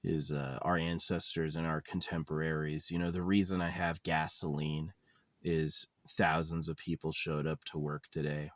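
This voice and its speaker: A man's voice: rumbling low, little pitch movement, moderate pace, no room sound. A man in his thirties vlogging in a meandering, sardonic monologue, swearing casually as he goes. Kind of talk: rambling monologue. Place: lives in a van.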